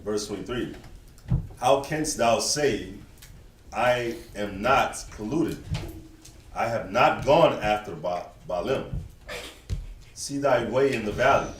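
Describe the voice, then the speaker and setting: A man reads old scripture aloud at a slow, deliberate pace in a lowish voice. He sounds distant and roomy, with a faint hiss behind him. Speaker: scripture reader.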